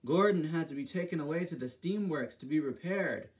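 A man's voice: on the high side, lively intonation, brisk, rough recording. A man narrating a homemade storybook about steam engines, stumbling and restarting now and then. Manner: reading with restarts.

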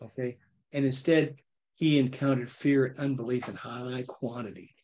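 A man leading a casual Bible study, reading verses aloud and explaining them with lively, animated asides. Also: medium pitch, moderate pace, dull audio. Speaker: Bible teacher. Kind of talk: conversational Bible study teaching.

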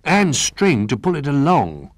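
A man's voice: on the high side, unhurried, breathy edge, no echo, clean studio sound, voice pushed up, full character voice. A man voicing an eager young toy bear boy in a storybook reading. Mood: curious. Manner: excited, apologetic, questioning.

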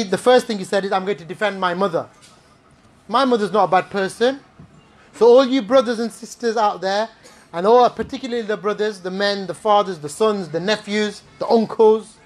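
A man giving an Islamic talk to a live audience, animated and playful, full of rhetorical questions and asides. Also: high-pitched. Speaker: preacher.

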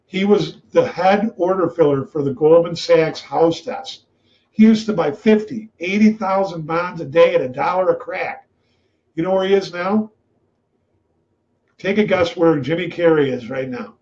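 A man with a fairly high voice tells blunt, profane stories in a loose, animated way. His voice is captured in dull, lo-fi webinar audio. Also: measured pace. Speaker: webinar host, trader. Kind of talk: casual storytelling.

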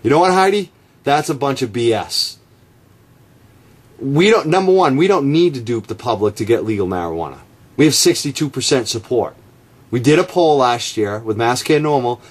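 Speaking straight into the camera, a man advocating marijuana reform rants sarcastically against his opponent, naming him outright. His voice is mid-range, animated, and fairly quick.

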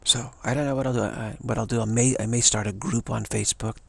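A man's voice: mid-range voice, fairly even intonation, quick pace, creaky, a little mellow, husky, dry recording. A man giving a rambling, emphatic spiritual talk as a teacher, often repeating himself.

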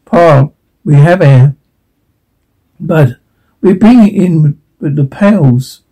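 A man's voice: a little high, expressive, slow pace, mellow, rough recording. A man voicing a tense, disbelieving father in a radio play reading. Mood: amazed. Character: stunned father of a survivor family.

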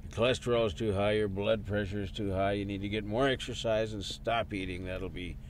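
An actor playing a blunt, impatient middle-aged businessman and father, gruff and scornful. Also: on the low side, steady tone, a little fast, a little hiss or hum, lightly acted. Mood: brisk.

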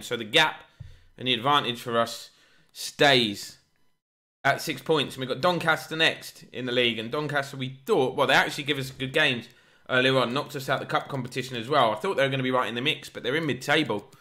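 Excitable lad commenting on a football game. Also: male voice, medium pitch, a little fast. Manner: excitable, shouts at big chances. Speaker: gaming YouTuber. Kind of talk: live gameplay commentary.

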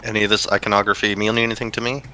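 A man playing a tabletop game who makes loud, wry comments and jokes at the table. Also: fairly low pitch, flat delivery, rapid-fire, noisy background. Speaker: player.

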